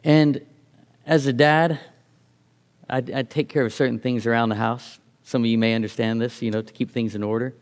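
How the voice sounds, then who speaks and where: A man's voice: mid-range voice, steady tone, normal speed. A middle-aged man giving a reflective sermon, reading scripture aloud and often restarting his phrases. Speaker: preacher.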